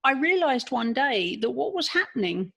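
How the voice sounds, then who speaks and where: English woman guest, gravelly, husky, earnest self-analyzer, restarts a lot. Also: high-pitched, big pitch swings, normal speed, pushed and bright. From England. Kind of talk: candid personal storytelling.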